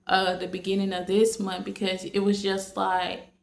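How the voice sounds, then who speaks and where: A woman's voice: medium pitch, completely flat delivery, moderate pace, gravelly. A woman vlogging casually to her viewers late at night, rambling with many fillers and restarts. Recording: echoey room.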